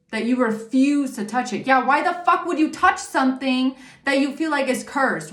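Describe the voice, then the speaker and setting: High-voiced, blunt tarot reader. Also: female voice, a bit bright, reverberant. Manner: blunt, profane, indignant asides. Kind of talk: casual tarot reading monologue.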